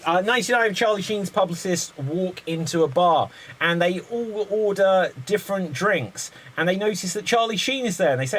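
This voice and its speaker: A man's voice: sits high, a bit bright, husky, low-quality recording. A man hosting an online improv comedy show, calling on players by name and running the games. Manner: brisk, calls on players by name.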